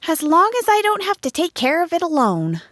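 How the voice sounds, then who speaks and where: A woman voicing an excitable young schoolteacher, asking eager exclamatory questions. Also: sits high, a little slow, no room sound, studio quality, voice pushed up, full character voice.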